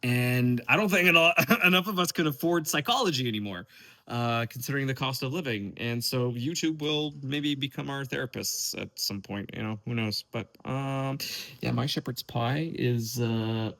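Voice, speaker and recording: A young man talks straight to his viewers in an unscripted, rambling vlog. His voice sits at an ordinary middle pitch, and he sounds fed up, cursing casually and tripping over restarts as he thinks aloud. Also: moderate pace, bright, forceful tone. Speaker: vlogger.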